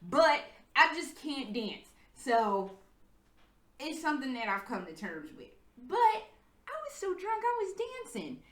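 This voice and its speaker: A young American woman casually telling a story at home, profane and animated, acting out the people she quotes. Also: high voice, a little slow, echoey room. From United States. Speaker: vlogger. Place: her apartment.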